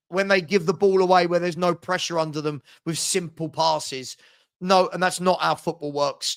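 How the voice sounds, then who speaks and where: A man's voice: high-pitched, little pitch movement, moderate pace, creaky, a bit bright. A man hosting a live fan watchalong, giving partisan running commentary on the match and getting exasperated with his own side's mistakes. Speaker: watchalong host.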